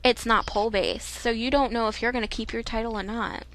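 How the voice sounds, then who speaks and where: A woman co-hosting a casual podcast, giggling often and filling pauses with "um". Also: fairly high pitch, steady tone, a bit bright. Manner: giggly, filler-heavy. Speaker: podcast co-host.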